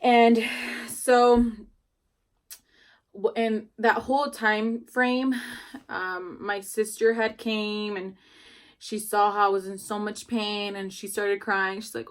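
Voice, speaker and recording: A woman's voice: mid-range voice, flat delivery, slow pace, long pauses, clear, resonant tone. Young woman, new mom, casual storyteller, chatty and rambling, lots of filler words. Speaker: new mother telling her birth story.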